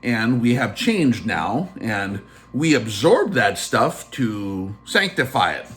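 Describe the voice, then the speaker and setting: A man quoting a calm old priest. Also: on the low side, slow, voice pushed down, heavily acted. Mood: calm explaining. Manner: calm, unbothered and matter-of-fact.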